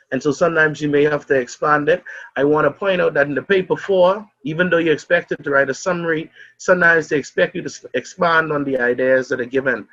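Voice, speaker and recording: A Bahamian man with a fairly high voice teaches an online class, calling on students by name and walking through examples. The sound is dull and muffled, as on a video call. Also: a little fast, a bit bright. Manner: calls on students by name, asks and answers questions.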